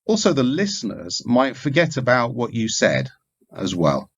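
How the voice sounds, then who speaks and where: Guy lecturing, kinda raspy low voice, lots of ups and downs, muffled lo-fi sound. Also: sing-song. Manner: measured, explanatory delivery with occasional fillers. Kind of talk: recorded lecture on communication skills. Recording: dull lo-fi recording.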